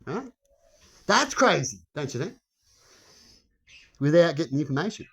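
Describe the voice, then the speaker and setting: A man's voice: on the high side, very animated, moderate pace, vocal fry, a bit bright, slightly rough. A man filming a rambling vlog on his phone, swearing, chuckling and asking viewers rhetorical questions. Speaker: vlogger. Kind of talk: rambling casual monologue to camera.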